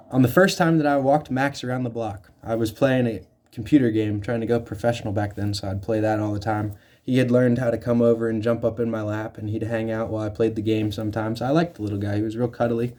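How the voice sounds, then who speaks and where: A young man giving casual life advice, swearing freely and acting out quotes in a loose storytelling way. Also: mid-range voice. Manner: swears freely, many fillers, animated acted-out quotes. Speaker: self-help speaker.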